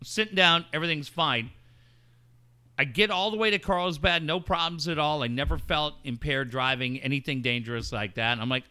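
A man telling a story in casual chat, animated, swearing freely and acting out what people said. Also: fairly high pitch, fairly quick, clear, resonant tone. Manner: animated, swearing, acts out quotes.

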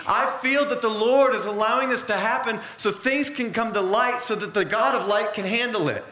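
A man's voice: high voice, moderate pace, pushed and bright, echoey room. A man preaching a sermon in an earnest, conversational way, mixing in personal stories.

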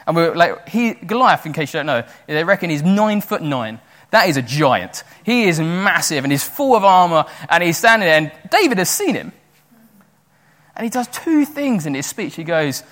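Young man, sermon, fairly high voice, chatty and animated, lots of fillers, long hall reverb. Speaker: preacher.

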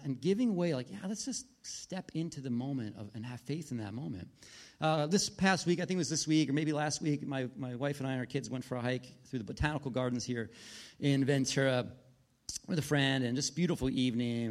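A man's voice: medium pitch, a little fast. A man, a pastor in his thirties with a wife and kids, preaching a sermon in a conversational storytelling way, full of restarts and asides.

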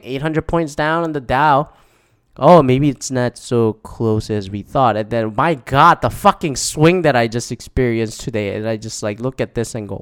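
A man's voice: medium pitch, smooth, dry recording, clean studio sound. A man hosting his own show, talking alone in a rambling, profane way with frequent restarts. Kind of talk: casual solo monologue.

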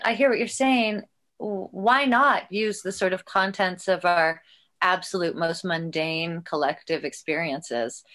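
A woman's voice: medium pitch, fairly bright tone. A woman in casual conversation who muses thoughtfully and restarts her sentences often as she searches for words. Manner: musing, thoughtful, halting restarts.

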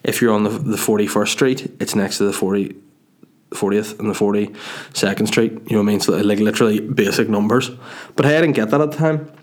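Man, podcast host, lowish voice, rambling, swears freely, trips over his words. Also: steady tone, brisk. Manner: rambling, profane, self-mocking with stumbles. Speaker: podcast host and stand-up comedian. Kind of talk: casual solo podcast storytelling. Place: home dining room.

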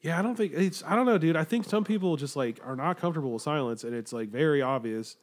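Rambling young man, slightly high voice. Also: expressive, fast talker. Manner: rambling, with many "like" fillers and swearing. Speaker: podcast co-host. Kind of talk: casual podcast chat.

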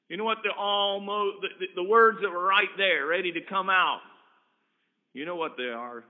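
A man preaching a storytelling sermon at a camp meeting, telling earnest anecdotes that swing between loud and hushed. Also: high-pitched, moderate pace. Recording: tinny phone-like recording.

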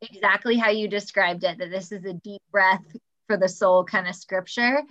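A woman hosting a casual faith podcast, encouraging and quick to laugh as she chats with her guest. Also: medium pitch, fairly even intonation, fairly bright tone, dull audio. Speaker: podcast host.

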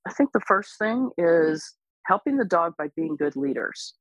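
A woman dog trainer speaking as an interview guest, explaining patiently and calmly, with lively bursts when she imitates other people. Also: fairly low pitch, normal speed, dry recording, poor audio. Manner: calm, explains patiently, animated when imitating excited owners. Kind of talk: casual explanatory interview talk.

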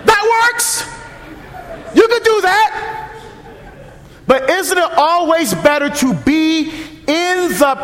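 A man in his fifties, a deacon, giving a humorous, story-driven parish mission talk in a church. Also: very high voice. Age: 50s. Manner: lively storytelling, humorous, acts out dialogue. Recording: long church reverb.

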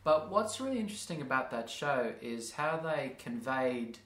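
A man's voice: medium pitch, sing-song, moderate pace, a bit bright. A man hosting a podcast, chatting casually and rambling with frequent laughs. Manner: rambling, laughs often, playful voices for examples. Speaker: podcast host. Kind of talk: casual chat. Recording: roomy echo.

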